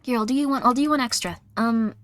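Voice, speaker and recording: Chatty woman streamer, kinda high voice, playful, goes soft n soothing sometimes. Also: quick pace, a little hiss or hum. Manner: chatty, playful, easily startled; soft, soothing when guiding breathing. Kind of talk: casual game commentary.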